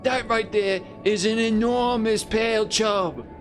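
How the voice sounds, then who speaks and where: A man doing an exaggerated Australian accent, playing an exuberant male wildlife presenter who marvels loudly at fish, over game music. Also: high voice, steady tone, unhurried, voice pushed up. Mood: marvelling. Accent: put-on exaggerated Australian. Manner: loud, gushing, marvelling at fish.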